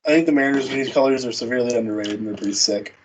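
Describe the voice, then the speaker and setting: A man's voice: mid-range voice, very fast, a little hiss or hum, rough recording. A man co-hosting a casual baseball watch-party stream, laid-back, laughing easily and trailing off. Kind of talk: casual chat.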